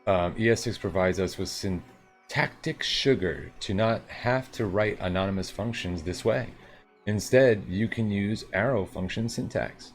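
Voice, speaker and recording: Playful man live-coding, low voice. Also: a little slow, soft background music. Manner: playful, reads instructions aloud, jokey asides and sound effects; hammed-up put-on New York twang. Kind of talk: casual live-coding commentary.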